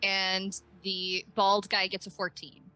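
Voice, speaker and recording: Bright-voiced woman game master. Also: medium pitch, completely flat delivery, slow pace, faint music behind. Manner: hesitant, many fillers, giggly. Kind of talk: running a tabletop game.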